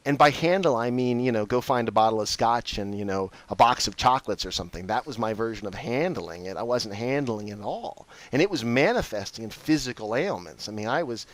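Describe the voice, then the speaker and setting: A man's voice: fairly quick, hardly any pauses, no echo. Guy chatting about his life, voice jumps all over, super dry close sound. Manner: animated, acts out his own reactions with big pitch jumps. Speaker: host. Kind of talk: casual heartfelt conversation.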